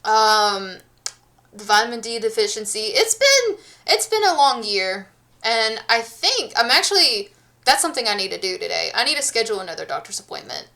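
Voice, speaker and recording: A woman's voice: fairly high pitch, very animated, moderate pace, pushed and bright. A woman in her thirties from the United States, chatting casually with her stream viewers and rambling along with many restarts and fillers.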